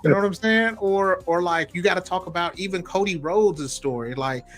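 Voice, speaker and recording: A man on a podcast, talking casually about wrestling with friends. His voice sits a bit high, and he gets loud and emphatic when he makes a point. Faint music plays underneath. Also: normal speed. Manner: animated, emphatic and laughing. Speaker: podcast co-host. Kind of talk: casual chat.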